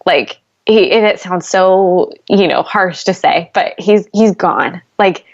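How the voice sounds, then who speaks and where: A woman's voice: on the low side, takes it slowly. A young woman talking candidly as a podcast guest, earnest and emotional, leaning heavily on "like" as she talks. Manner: earnest, heavy use of "like", rising intensity. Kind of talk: candid conversational storytelling. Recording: slightly dull lo-fi podcast audio.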